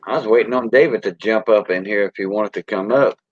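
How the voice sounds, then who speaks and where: A man's voice: on the low side, fast talker, breathy edge, dry recording. An older man from South Louisiana with a Cajun accent, French his first language, hosting a casual livestream chat in a rambling, folksy way. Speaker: host. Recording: dull dry lo-fi sound.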